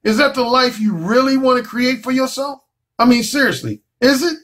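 Blunt, high-voiced male dating coach. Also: animated, normal speed, a bit bright. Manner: blunt, profane, preachy. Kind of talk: blunt vlog monologue.

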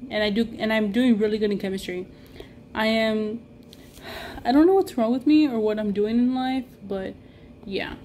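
A woman's voice: fairly high pitch, normal speed, long pauses, darkish tone, a little hiss or hum. Rambling young woman vlogger. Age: young adult. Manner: rambling, full of "like", exasperated. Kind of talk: casual vlog chat.

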